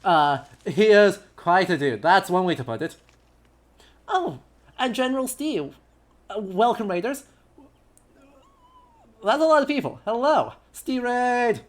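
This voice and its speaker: A young adult man chatting casually on a live game stream, with many "uh" fillers and a relaxed manner. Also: sits high, unhurried, pauses often. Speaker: streamer and historian.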